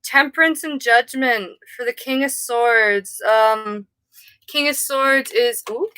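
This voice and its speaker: A woman's voice: a little high, slow pace, sharp tone, clean tone, no echo, low-quality recording. A woman giving a casual live tarot reading, rambling and easily sidetracked. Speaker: tarot reader.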